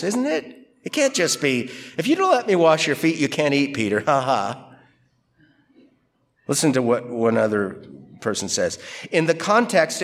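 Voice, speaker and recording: Animated man preaching a sermon. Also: fairly high pitch. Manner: conversational, animated quoting of Peter and Jesus. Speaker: pastor. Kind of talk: expository sermon.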